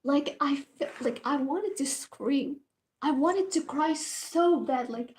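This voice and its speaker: High-voiced young woman telling a story. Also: slow pace. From Morocco. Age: young adult. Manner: dramatic, animated, swears casually. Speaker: university student, vlogger. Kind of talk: casual storytime vlog.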